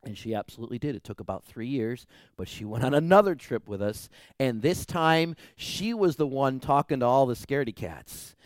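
A male pastor preaching a sermon in animated storytelling, acting out dialogue and swinging from loud to hushed. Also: mid-range voice, normal speed, no echo, clean studio sound.

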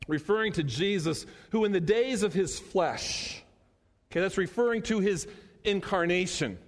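A male pastor delivers a sermon in a fairly high voice. He repeats his phrases and slows right down to lean on the words that matter. Long reverb from a large hall trails behind every line. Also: expressive.

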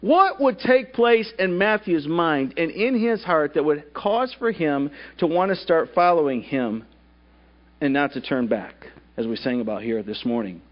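A man's voice: a little high, animated, a little slow, lo-fi sound. A male pastor preaching a sermon at a church service, putting rhetorical questions to the congregation.

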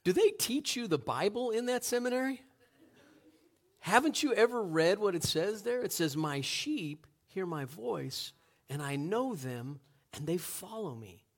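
A man voicing a sarcastic farmer father who teaches a lesson with loud calls and a low, stern warning. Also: big pitch swings, takes it slowly, gravelly, slightly rough, full character voice.

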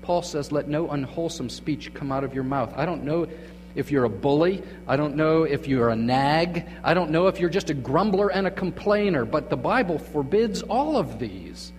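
A man preaching a sermon as pastor, moving between quiet, hushed phrases and emphatic, raised lines. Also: on the high side, lively intonation, moderate pace. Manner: dramatic shifts between hushed and emphatic delivery. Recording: long hall reverb with faint mains hum.

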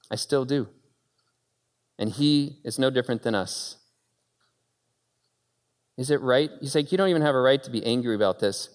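A man preaching a sermon with animated storytelling and dramatic pauses, recorded in a church hall. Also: medium pitch.

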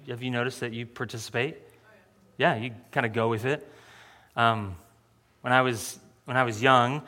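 A man's voice: mid-range voice, fairly bright tone, big-room sound. A male pastor preaching a sermon in a joking, self-deprecating way, often laughing at his own remarks.

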